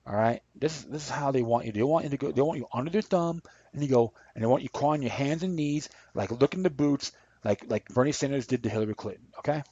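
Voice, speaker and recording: Man, podcast host, impassioned rambling commentary, mid pitch, dull lo-fi recording. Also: quick pace, hardly any pauses, mellow, breathy edge, dry recording. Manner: rambling and impassioned, reads articles aloud. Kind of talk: ranting political commentary.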